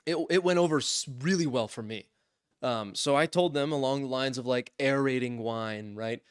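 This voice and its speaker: A young man casually telling a funny story on a podcast, lively, acting out what others said and laughing often. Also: mid-range voice, moderate pace, clean tone, no echo, studio quality. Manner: animated, acts out quotes in voices, laughs often. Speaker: podcast co-host.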